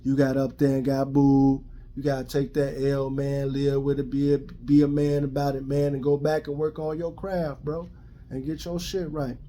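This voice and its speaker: A man's voice: mid-range voice, completely flat delivery, moderate pace, mellow. Blunt, profane Chicago man ranting. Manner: blunt, profane, repetitive street slang. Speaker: vlogger giving his opinion. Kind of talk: casual rant to camera.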